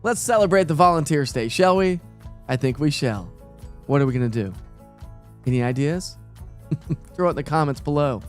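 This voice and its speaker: A middle-aged man with a drawl hosts a relaxed morning weather stream. He chats easily and calls out to his viewers one by one. His voice sits a little high, and soft music plays underneath. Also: normal speed, long pauses. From East Tennessee. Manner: chatty, greets viewers by name. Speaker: weather forecaster hosting a live morning stream. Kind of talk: casual live-stream weather chat.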